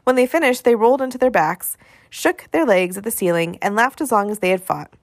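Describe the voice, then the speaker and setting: A woman reading a novel aloud, with expressive storytelling. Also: mid-range voice, fairly quick, dry recording, studio quality. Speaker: reader.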